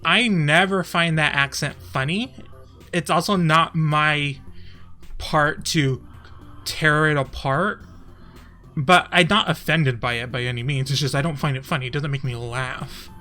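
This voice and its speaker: A man's voice: on the high side, a little slow, sharp tone, soft background music. A young man from Texas chatting casually on his stream, often laughing and trailing off mid-thought.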